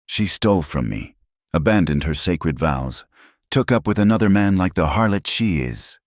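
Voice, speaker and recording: A man's voice: low-pitched, lively intonation, moderate pace, no room sound, clean studio sound. A man playing a cruel, wealthy husband on trial who moves from pompous dignity to open rage. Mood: raging. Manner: pompous, then shouting in fury. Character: cruel wealthy husband, self-righteous, raging.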